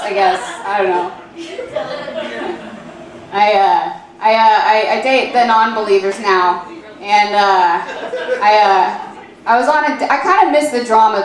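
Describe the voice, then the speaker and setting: A woman in her late twenties doing stand-up, with a halting, filler-heavy deadpan delivery. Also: medium pitch. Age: 20s. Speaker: stand-up comedian. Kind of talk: stand-up comedy set. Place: comedy club stage. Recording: echoey club room.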